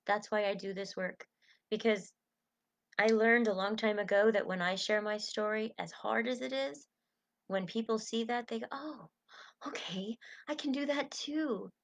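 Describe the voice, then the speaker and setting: A woman's voice: medium pitch, steady tone, normal speed. A middle-aged woman coaching a small group through relaxation. Her voice is soothing and encouraging, and it eases down whenever she guides a breath or a stretch. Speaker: coach leading a self-help group. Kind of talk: gentle guided coaching talk.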